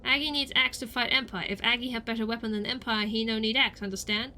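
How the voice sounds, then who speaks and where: A woman's voice: a little high, steady tone, fast, pushed and bright, slight background noise. A woman voicing a sly male forest outcast who talks in broken grammar and calls himself by his name. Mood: scheming.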